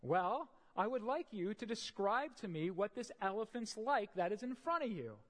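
Voiced by a preacher in a reverberant hall, a wise old king speaks patiently to his court. His tone is calm and instructive and moves lively up and down. A long echo trails each phrase. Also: mid-range voice, normal speed.

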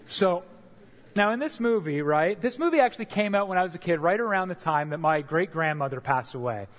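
A man preaching a sermon as pastor, earnest and expressive, sometimes repeating words as he builds a point. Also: sits high, fairly quick. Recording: long hall reverb.

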